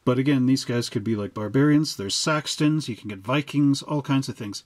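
A man's voice: mid-range voice, normal speed, no echo. A man hosting a casual hobby explainer, walking through boxes of model figures in a chatty, digressive way with joking asides. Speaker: hobby channel host.

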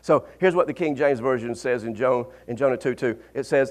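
A man preaching a sermon as a pastor, swinging between fervent peaks and quiet asides and often laughing as he talks. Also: medium pitch, sing-song, normal speed. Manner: laughs often mid-sentence.

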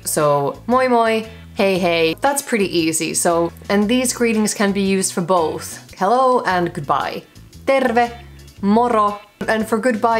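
A young Finnish woman with a Finnish accent, teaching phrases in a chatty, joking vlog. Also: on the low side. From Finland. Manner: chatty, joking, self-mocking. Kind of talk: casual vlog lesson.

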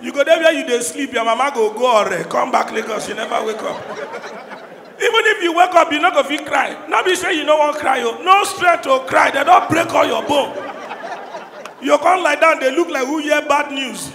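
Loud Nigerian Pidgin comedian in an echoey hall. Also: male voice, extremely high pitch, normal speed, vocal fry. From Anambra State, Nigeria. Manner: loud, shouting punchlines in Pidgin. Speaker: stand-up comedian. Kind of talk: stand-up comedy. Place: live comedy show in a large hall. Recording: echoey hall, crowd noise. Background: crowd laughing and cheering.

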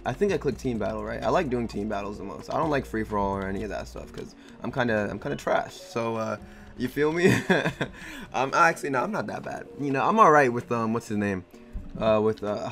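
A man giving casual gameplay commentary as a YouTuber, excitable, with laid-back slang and self-deprecating jokes. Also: lowish voice, gravelly. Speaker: gaming YouTuber. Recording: faint game music behind. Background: game music.

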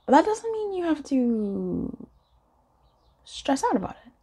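A woman giving a casual pick-a-card tarot reading, chatty and encouraging, laughing often and rising in pitch when animated. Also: measured pace. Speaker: tarot reader.

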